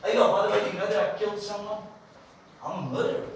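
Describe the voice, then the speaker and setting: A man's voice: medium pitch, expressive, fast, slight background noise, close to an everyday voice. A man preacher voicing a reluctant shepherd who protests and makes excuses to God. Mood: pleading. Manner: protesting, self-pitying, blurting excuses. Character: reluctant, panicky middle-aged male shepherd. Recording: echoey church from a distant mic.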